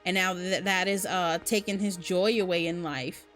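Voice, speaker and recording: A woman's voice: fairly low pitch, fairly even intonation, moderate pace, over music. A young woman with a Southern US accent, giving rambling, chatty commentary while she plays a video game. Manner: chatty, rambling, many fillers. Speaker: game streamer. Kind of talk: casual gaming commentary.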